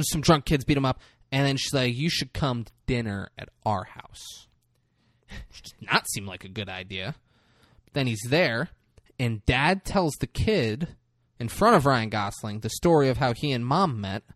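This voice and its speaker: A male podcast co-host chats casually about a film, retelling its plot with swearing and character voices. His medium-pitched voice is animated and a bit bright, his pace measured, and the studio-quality audio has no echo.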